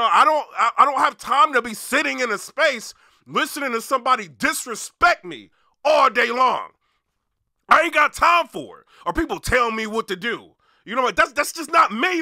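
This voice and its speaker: A battle rap blogger rambles through a casual commentary rant, saying "you know what I mean" constantly and growing loud and heated. His voice is very high-pitched, captured in a dry, studio-quality recording.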